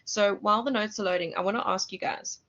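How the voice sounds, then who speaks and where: A woman's voice: medium pitch, fairly even intonation, quick pace, a bit bright. A South African woman lecturer giving an online class, chatty and self-correcting, asking her students questions. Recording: muffled lo-fi audio.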